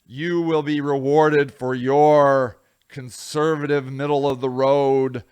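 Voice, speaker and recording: A man voicing smug, all-knowing pollsters who calmly reassure voters, in a mock-solemn, condescending tone. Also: medium pitch, slow pace, clean tone, no room sound, voice pushed down, close to an everyday voice. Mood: mock-soothing.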